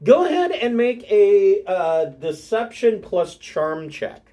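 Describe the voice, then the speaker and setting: Slow, lively-voiced man running a game. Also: sits high, a little hiss or hum. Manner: unhurried, clears throat often. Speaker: game master. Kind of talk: narrating a tabletop game.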